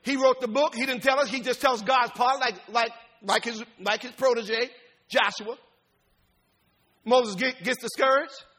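A man pastor preaching a sermon, folksy and informal, swinging from loud rising shouts to low quiet talk. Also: fairly even intonation, measured pace.

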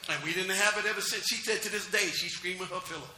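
Middle-aged male pastor, chatty sermon style with call-outs; high, bright voice in a roomy hall. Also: fast, background noise. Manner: conversational preaching with call-outs to the congregation.

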